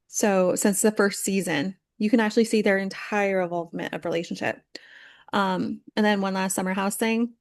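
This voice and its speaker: Young woman podcast co-host, chatty and gossipy, dry close sound, medium pitch. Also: moderate pace, no echo. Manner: chatty, animated, acts out quotes with lots of "like". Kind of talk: casual chat recapping reality TV.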